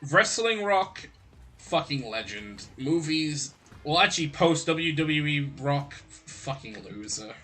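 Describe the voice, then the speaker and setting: A man's voice: on the high side, expressive, takes it slowly, pushed and bright, soft background music. A man chatting casually on a podcast, joking around and swearing a lot. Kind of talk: casual chat.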